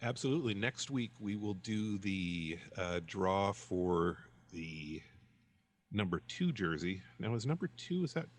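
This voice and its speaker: A man co-hosting a podcast, chatting casually and telling a joke with halting pauses. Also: deep voice, expressive. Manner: halting, many fillers while storytelling. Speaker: podcast co-host.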